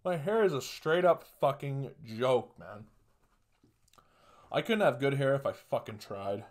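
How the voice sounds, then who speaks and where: Speaking slowly with lively intonation and a mid-range voice, a young podcast host delivers a solo comedic rant. He packs it with crude, profane jokes and cracks up at his own punchlines.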